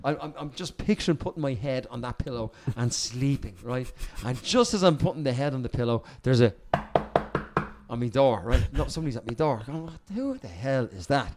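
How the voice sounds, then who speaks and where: An Irish man, a podcast guest, telling a cheeky, lively anecdote and swearing freely as he goes. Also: mid-range voice, fairly quick, slight background noise.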